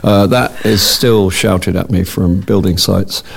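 Dry-humored man with a gravelly low voice. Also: steady tone. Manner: dry, wry, with halting restarts. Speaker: actor guest. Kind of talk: casual interview chat.

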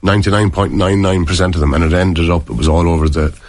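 A former player from Ireland chats casually in a low, fairly even voice, talking fast with no echo. He tells long, rambling stories and keeps restarting them.

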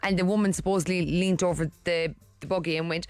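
A woman's voice: on the low side, fairly even intonation, fast, hardly any pauses, a little mellow, dry recording. A woman co-hosting a morning radio show, telling a rambling story in casual chat with lots of restarts. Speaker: radio co-host. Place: radio studio. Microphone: studio microphone.

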